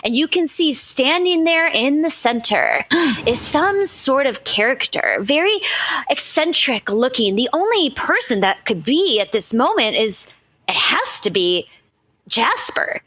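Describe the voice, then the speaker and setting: A woman's voice: high-pitched, big pitch swings, a little slow, fairly bright tone. A woman narrating a tabletop game as game master in a casual, fluid manner.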